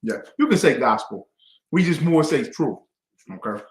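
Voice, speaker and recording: A man's voice: on the high side, animated, moderate pace. A man leading a call-and-response Bible class, quizzing his students with emphatic questions. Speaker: class teacher. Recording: echoey room.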